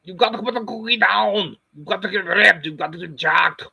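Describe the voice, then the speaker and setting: A man imitating an angry, shouting musclebound action hero with a put-on Austrian accent and barking commands. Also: high voice, a little fast, vocal fry, husky, dry recording, voice pushed up, exaggerated voice, rough recording.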